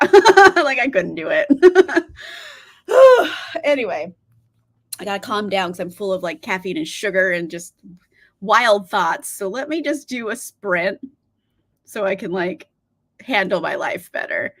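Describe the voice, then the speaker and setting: A woman's voice: mid-range voice, sing-song, a little slow, pauses often. A young woman hosting a livestream in casual chat, bubbly and giggly, greeting viewers by name. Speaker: livestream host.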